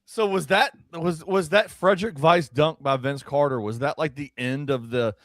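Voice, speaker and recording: A man's voice: fairly high pitch, moderate pace, fairly bright tone, no echo, clean studio sound. A man co-hosting a sports podcast, rambling and pleading in casual banter, laughing often. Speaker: co-host.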